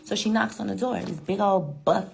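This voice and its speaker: A woman's voice: medium pitch, moderate pace, gravelly. A woman vlogger telling a story to her viewers in a chatty, slangy, casual way, calling them girl and child.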